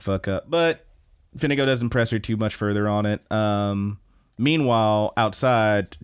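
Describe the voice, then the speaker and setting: A young man co-hosting a podcast, recapping an anime with excitement, frequent laughter, swearing and filler words. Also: fairly low pitch, clear, resonant tone. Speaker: podcast co-host.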